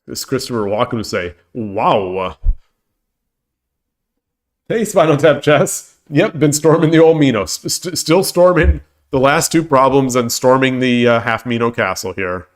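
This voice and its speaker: A man's voice: medium pitch, animated, normal speed, hardly any pauses. A man with a head cold and a congested voice, streaming live and thinking aloud as he works through board-game puzzles in a hesitant, self-correcting mutter. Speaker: shogi streamer.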